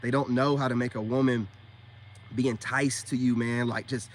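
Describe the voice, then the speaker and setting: A man's voice: mid-range voice, fairly even intonation, moderate pace, slight background noise. A man in a casual, scolding rant to his viewers, emphatic and slangy, often repeating himself for emphasis. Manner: slangy, calls listeners man and bro. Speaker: self-styled spiritual dating coach.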